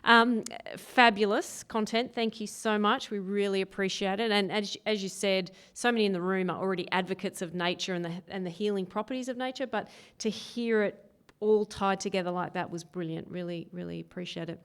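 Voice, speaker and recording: A woman's voice: mid-range voice, fairly even intonation, a little fast, clean tone. A woman hosting a church community event, enthusiastic and effusive as she thanks speakers. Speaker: event host.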